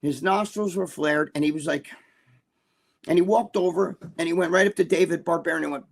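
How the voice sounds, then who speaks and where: A man with a somewhat high voice spins tales as a guest in a casual interview. He swears freely, rambles, and keeps restarting his sentences. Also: fairly quick, vocal fry. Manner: profane, rambling, with many restarts. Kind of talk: casual storytelling.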